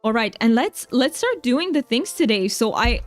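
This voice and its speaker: A chatty woman with a Romanian accent she leans into on purpose, streaming a game and chatting with her viewers. Her voice sits a little high, and she talks to chat kindly and laughs often. Soft music plays faintly under her. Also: big pitch swings, moderate pace, no room sound. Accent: Romanian, played up for fun. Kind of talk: casual live-stream chat while gaming.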